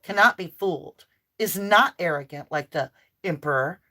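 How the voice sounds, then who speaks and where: A woman doing an impassioned tarot reading to camera, emphatic and near yelling at times, with chatty asides to her viewers. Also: on the low side, moderate pace. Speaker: tarot reader and channel host.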